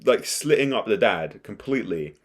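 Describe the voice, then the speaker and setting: A young man casually recapping and reacting to an anime episode, rambling and excitable with frequent restarts. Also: lowish voice, moderate pace. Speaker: anime commentator.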